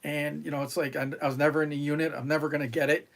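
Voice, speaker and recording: A middle-aged man from New York, a retired Marine, talks as a guest on a podcast, and his voice sits a little high for a man. He tells long stories in a rambling way, full of fillers and restarts, and he acts out the lines of the people in them. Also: flat delivery, very fast, creaky, fairly bright tone. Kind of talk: casual interview storytelling.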